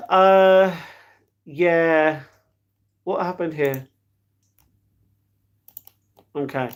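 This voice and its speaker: A young man on a live stream, chatting casually with viewers and reading their comments aloud, calling them darling and mate. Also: high-pitched.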